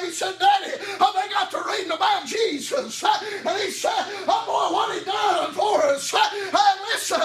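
A man preaching a fervent sermon in church, chanting with a gasped "huh" after phrases and often shouting. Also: very high-pitched. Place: church sanctuary. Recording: echoey, distant mic, congregation audible.

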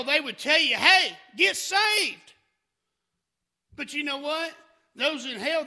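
A man's voice: extremely high pitch, bright, forceful tone. A man preaching a fervent sermon, often breaking in with "hey" and restarting his sentences.

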